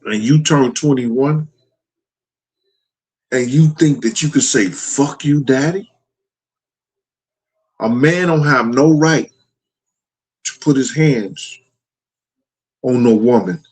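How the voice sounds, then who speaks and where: Speaking slowly with frequent pauses, a middle-aged man has a mid-range, slightly mellow voice on a low-quality recording. He hosts a livestream and talks to his chat in blunt, profanity-laced stories.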